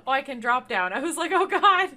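A woman's voice: high voice, expressive, fast talker, bright, forceful tone. A woman streamer giving casual commentary as she plays a game, swearing freely and bursting into laughs and shrieks of surprise.

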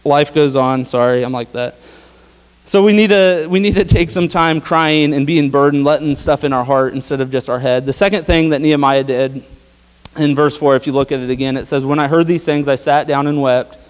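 A man's voice: a little high, brisk, clear, resonant tone. A young man preaching a casual sermon, talking conversationally with lots of fillers and tag questions. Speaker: pastor. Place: church sanctuary. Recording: long hall reverb.

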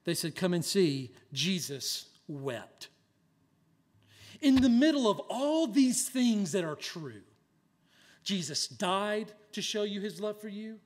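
A male pastor delivers a sermon with a raised, fairly high voice. He speaks slowly and earnestly. His volume swings from near-hushed passages to loud, emphatic lines. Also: animated.

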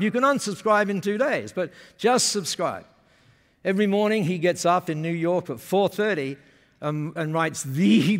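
A man giving a lively business seminar talk, often asking the audience questions. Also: sits high. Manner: energetic, asks the audience questions. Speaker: keynote speaker. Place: conference hall. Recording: long hall reverb.

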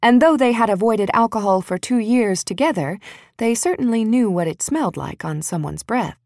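A woman narrating an audiobook in an expressive, wry storytelling manner. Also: fairly high pitch, normal speed, no room sound, studio quality.

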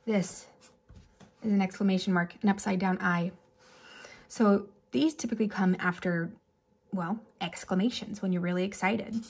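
A woman teacher giving a relaxed, chatty remote lesson to children, with animated examples and little asides. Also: mid-range voice, normal speed.

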